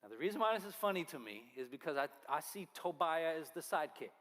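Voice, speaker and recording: A man's voice: fairly high pitch, expressive, quick pace, fairly bright tone. A man preaching a sermon as pastor, earnest and firing off rhetorical questions. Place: church sanctuary. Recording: long reverb of a church hall.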